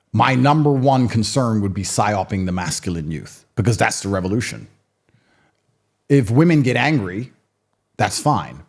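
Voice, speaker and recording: A man in his thirties, a guest in a sit-down interview, telling stories and giving opinions in a blunt, provocative, emphatic way. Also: fairly low pitch. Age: 30s. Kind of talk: conversational storytelling and opinion.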